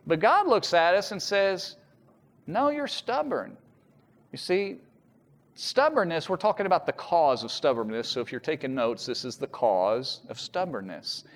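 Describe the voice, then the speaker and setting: A man preaching a sermon, telling a story with lively voiced quotes. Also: a little high, normal speed. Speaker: pastor. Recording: echoey hall with long reverb.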